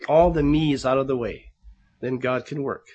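A man's voice: medium pitch, normal speed, darkish tone, highs cut off. A man preaching a sermon in an earnest, conversational way. He calls the congregation brethren and often repeats words while he searches for the next one. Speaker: pastor.

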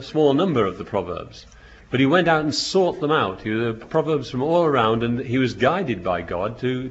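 A man's voice: mid-range voice, slight background noise. A man preaching a sermon, reading scripture verses aloud and then explaining them, with frequent restarts and bursts of emphasis. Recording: dull lo-fi recording.

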